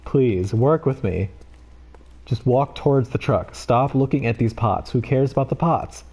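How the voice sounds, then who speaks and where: A man streaming a game live, commenting excitably, swearing and pleading with the game. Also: mid-range voice, measured pace, slightly rough.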